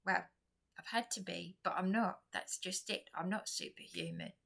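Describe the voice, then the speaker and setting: A woman's voice: fairly low pitch, lively intonation, normal speed, gravelly, a bit bright. An exhausted woman vlogger talking in a rambling personal monologue, repeating herself, restarting and dropping to whispers.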